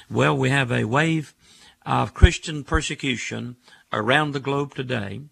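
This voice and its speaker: Gravelly older man preaching on radio. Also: mid-range voice, a bit bright, no room sound. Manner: emphatic, stacks words in rhythmic lists. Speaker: radio talk show host and preacher. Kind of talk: preaching call-in radio talk.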